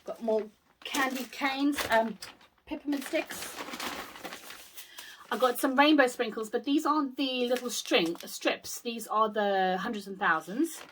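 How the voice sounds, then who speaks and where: A British woman with a fairly high voice talks through her shopping haul in an easy, chatty way. She gushes over each item and keeps exclaiming how cute things are, rambling warmly from one thing to the next. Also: measured pace, background noise. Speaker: haul vlogger. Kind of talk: casual haul video chat.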